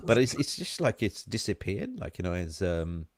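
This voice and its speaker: Male live-stream co-host, mixed accent with an Aussie hint, excitable and chatty, lowish voice, dry close sound. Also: moderate pace, no room sound. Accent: mixed, hint of Australian. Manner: chatty, excitable, banter with viewers in chat. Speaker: fan channel co-host. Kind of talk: casual live-stream chat.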